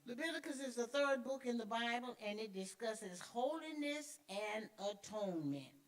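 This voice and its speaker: Woman Sunday school teacher, middle-aged, fairly high voice, emphatic and chatty. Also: expressive, normal speed, background noise. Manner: emphatic, repeats key words; conversational with call-and-response fillers. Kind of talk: church teaching.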